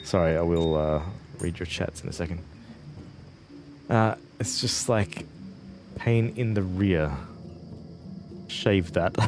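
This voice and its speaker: A man's voice: low-pitched, slow pace, pauses often, background noise. A man in his twenties giving casual, rambling live gameplay commentary and chatting with viewers. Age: 20s. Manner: casual, chatty, rambling, answers chat between fights. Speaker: game streamer.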